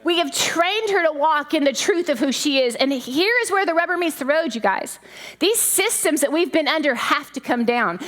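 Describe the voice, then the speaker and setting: Middle-aged female preacher, conversational sermon, high voice with a wide, lively pitch range. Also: moderate pace. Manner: animated, conversational, laughing asides. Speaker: pastor's wife preaching.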